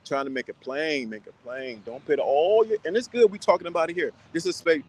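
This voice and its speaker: A man's voice: a little high, fairly quick, a little mellow, low-quality recording. Stern, repetitive man giving advice. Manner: stern, emphatic, repeats his points; rambling with many restarts. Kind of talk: casual advice talk to viewers.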